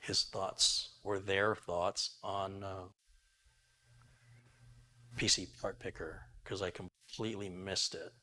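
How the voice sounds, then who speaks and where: A middle-aged man with a fairly low voice hosts a casual live stream. He chats loosely and reads viewer messages aloud, laughing easily as he goes. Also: little pitch movement, slow pace, long pauses, pushed and bright. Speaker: live stream tech host. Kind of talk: casual live stream chat reading donations.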